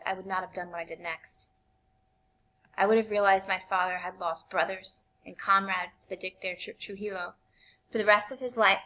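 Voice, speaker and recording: A woman reading a novel aloud in an expressive way, shifting between quiet and intense passages. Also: medium pitch. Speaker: reader.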